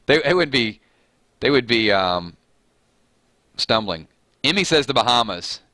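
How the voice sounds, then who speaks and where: Southern guy hosting a live chat, bright voice, jokey and self-mocking, dry close sound. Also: medium pitch, very animated, a little slow, no echo. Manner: chatty, reads viewer comments aloud, joking and self-mocking. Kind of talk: casual live-stream chat.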